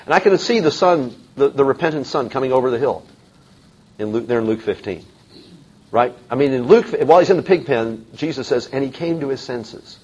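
A man's voice: mid-range voice, lively intonation, fairly quick, slightly rough. A man teaching a Bible lecture in a conversational way, with many fillers and restarts. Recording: dull lo-fi recording.

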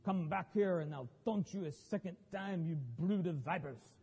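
A man's voice: high voice, moderate pace, dark tone, husky, in a large hall. A man voicing a taunting French guard with an obnoxious mock French accent.

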